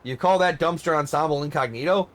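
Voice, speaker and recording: A man's voice: fairly high pitch, fast talker, a little hiss or hum, lightly acted. A blunt male tour guide, read by a man in his own voice, tossing out dry, sarcastic remarks. His delivery stays wry and plainspoken.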